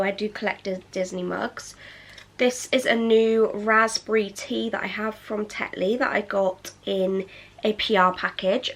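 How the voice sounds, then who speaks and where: A young woman, chatting excitedly in a casual reading vlog. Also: mid-range voice. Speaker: book vlogger.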